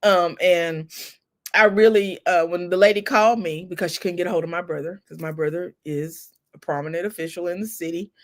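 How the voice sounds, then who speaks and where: A chatty woman with a lower voice hosts a livestream, speaking briskly with fairly even intonation. She's near tears while telling stories to live viewers, laughing and using a Southern "y'all."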